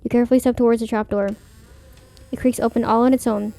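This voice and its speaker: A woman's voice: a little high, fairly even intonation, quick pace, mellow, no room sound. A young woman streaming a horror game, reading its text aloud in a playful, reactive way. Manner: playful, reactive, swears and laughs. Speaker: gaming streamer.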